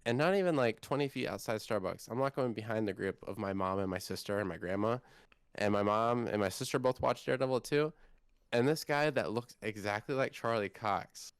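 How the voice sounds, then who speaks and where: Young man, around twenty, animated, rambling, low-pitched, dry recording. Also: a little fast, clean tone, no echo. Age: about 20. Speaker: co-host. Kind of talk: casual podcast chat.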